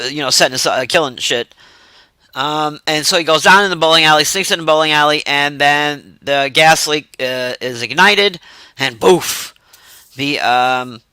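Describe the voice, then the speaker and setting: Dude rambling thru a movie plot, swears a lot, bright voice, dry sound. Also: male voice, fairly high pitch, clear, resonant tone, dry recording, rough recording. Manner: rambling, profane, laughs often. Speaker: movie reviewer. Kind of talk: casual film recap.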